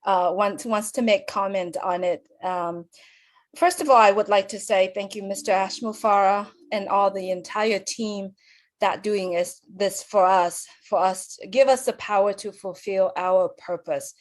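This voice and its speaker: A woman moderating an online webinar, giving polite, halting instructions and thanking people often over a video call. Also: mid-range voice, steady tone. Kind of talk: hosting an online meeting.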